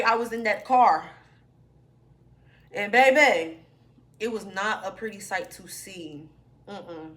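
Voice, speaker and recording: A young woman vlogger tells her viewers a personal story in a storytime vlog, chatty and informal, calling them "y'all." Her voice is medium in pitch, bright, and pushed.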